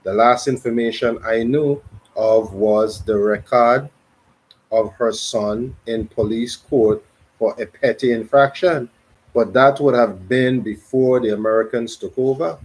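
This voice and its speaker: A man with a Crucian Virgin Islands accent, reading a dialogue and explaining in a slow, measured way. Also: medium pitch, low-quality recording. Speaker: reader and narrator of a dialogue. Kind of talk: dramatic reading.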